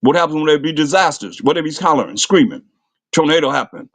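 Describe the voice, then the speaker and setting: A man's voice: expressive, fast talker, no echo. Fiery preacher man with a dry sound. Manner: impassioned, rhetorical questions, voice jumps high when mocking. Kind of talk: fiery street-style scripture sermon.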